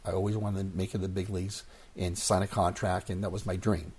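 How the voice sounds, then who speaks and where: A man in his sixties telling stories as an interview guest, animated and acting out the voices of people he quotes. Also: sits low, fast talker, slightly rough. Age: 60s. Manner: animated storyteller who acts out quoted voices. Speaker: guest, former baseball player. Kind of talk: casual storytelling interview.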